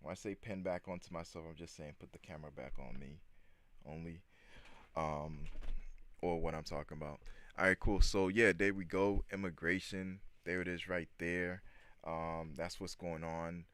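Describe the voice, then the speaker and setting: A man's voice: deep voice, moderate pace. A man hosting his own channel, chatting casually about news clips in a rambling way, full of "um" fillers and asides to viewers. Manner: rambling, loose, many "um" fillers; relaxed, talks straight to viewers. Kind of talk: casual news commentary vlog.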